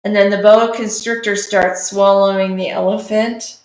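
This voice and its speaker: A woman's voice: medium pitch, flat delivery, moderate pace, darkish tone, echoey room, poor audio. A woman chatting casually as she draws on a live stream, talking through each step. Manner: chatty, talks through her work. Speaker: streamer and artist. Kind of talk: live-streamed drawing commentary.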